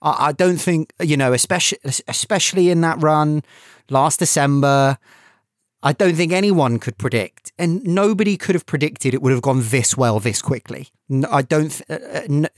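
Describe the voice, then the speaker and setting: A man co-hosting a casual football podcast, halting and searching for words as he talks. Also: fairly high pitch, dry recording, studio quality. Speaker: podcast co-host.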